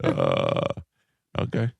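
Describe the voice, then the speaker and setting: A man's voice: very deep voice, huge pitch swings, very slow, gravelly, darkish tone, husky, no room sound. A man hosting a radio talk show, teasing his co-hosts and laughing often. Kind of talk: casual radio banter. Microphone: studio microphone.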